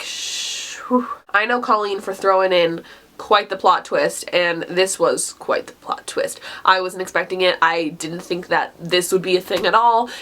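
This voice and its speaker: A woman's voice: mid-range voice, a bit bright. A woman in a casual book talk vlog, gushing with enthusiasm, laughing often and filling her talk with "like". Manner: gushing, enthusiastic, frequent "like" fillers; laughs often mid-sentence. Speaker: book reviewer.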